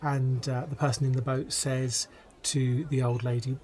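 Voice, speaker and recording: A man hosting a podcast, telling stories in a relaxed, wry way. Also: medium pitch, normal speed. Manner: relaxed and wry, laughs at his own jokes. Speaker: podcast host. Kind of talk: conversational podcast storytelling.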